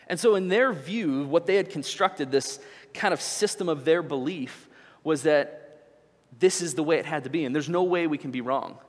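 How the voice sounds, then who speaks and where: A man in his thirties preaching, telling a story animatedly and then dropping low to reflect. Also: normal speed. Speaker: pastor. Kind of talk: sermon with storytelling. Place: church hall. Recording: church hall with long reverb.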